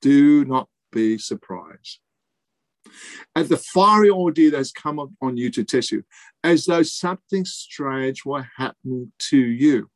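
A man preaching a sermon, emphatic, repeating key phrases and pausing for effect. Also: fairly high pitch, animated, dry recording.

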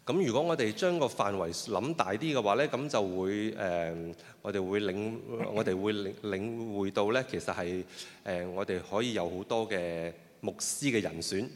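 A man's voice: fairly low pitch, normal speed, few pauses. Hesitant male interpreter in a reverberant hall. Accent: Cantonese. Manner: hesitant, with frequent fillers and restarts. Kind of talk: consecutive sermon interpretation. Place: church hall.

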